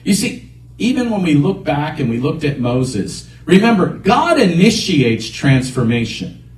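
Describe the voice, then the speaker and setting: Man, pastor, emphatic sermon, slightly high voice, distant mic. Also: very animated, a little slow. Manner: earnest, emphatic preaching with repeated phrases. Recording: echoey room picked up from a distance.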